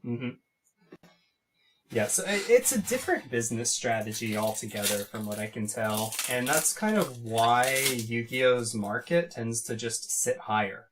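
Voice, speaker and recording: A man's voice: medium pitch, lively intonation, unhurried, background noise. A man hosting a card pack opening, talking in an enthusiastic, chatty way. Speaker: host opening card packs. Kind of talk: casual chat.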